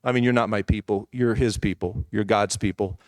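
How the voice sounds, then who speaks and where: A man's voice: fairly low pitch, fairly even intonation, a little fast, dry recording. Candid male preacher in a dry church recording. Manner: conversational, candid storytelling with asides. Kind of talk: personal testimony sermon.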